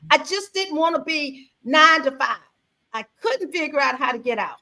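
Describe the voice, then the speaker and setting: A woman in her sixties telling a personal story in a conversational talk, acting out quoted dialogue with lively, expressive delivery. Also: high voice, moderate pace. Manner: animated, acts out quoted dialogue with her own voice. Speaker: guest speaker on faith and mother-daughter bonding.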